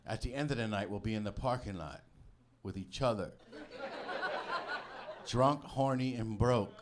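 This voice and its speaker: A man's voice: lowish voice, unhurried. A man doing a stand-up comedy routine on a club stage, talking casually and acting out the people in his stories. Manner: conversational, acts out quoted people. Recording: live club with crowd laughter. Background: audience laughter.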